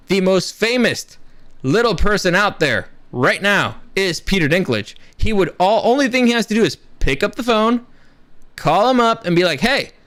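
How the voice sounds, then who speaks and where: Brief: young male commentary host with a high voice, sarcastic and cursing, ranting fast. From Latino background. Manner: animated, profane, sarcastic.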